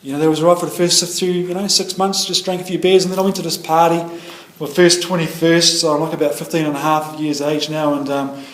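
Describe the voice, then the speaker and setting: A middle-aged New Zealand man speaks at an AA meeting, sharing his personal recovery story in a rambling way full of fillers and restarts. His voice is a little high with little pitch movement, and he talks at a quick pace with few pauses. The recording is from an echoey meeting room.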